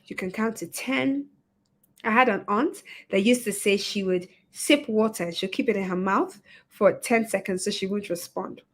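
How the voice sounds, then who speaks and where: A woman hosting a webinar, giving a motivational talk and telling a story with lively acted-out quotes. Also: mid-range voice, normal speed. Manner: expressive storyteller, acts out quoted voices. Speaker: webinar host and etiquette coach.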